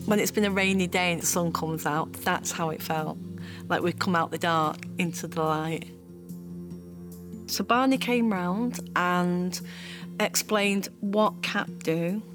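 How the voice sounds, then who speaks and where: A woman giving an emotional personal testimony, halting and tearful at times. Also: on the low side. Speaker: interviewee sharing her story.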